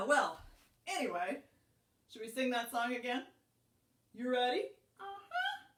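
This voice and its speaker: A woman's voice: on the high side, lively intonation, a little slow, fairly bright tone, far from the mic. A woman working as a children's librarian, reading aloud to young listeners in a playful, sing-song, coaxing manner. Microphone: camera for a live stream. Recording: echoey room, a little away from the mic.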